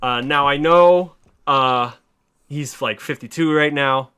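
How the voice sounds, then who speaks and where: Bright-voiced man pitching a story excitedly. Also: slow, clean tone. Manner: excited retelling, casual swearing. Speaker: podcast host. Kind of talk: casual chat, pitching a story.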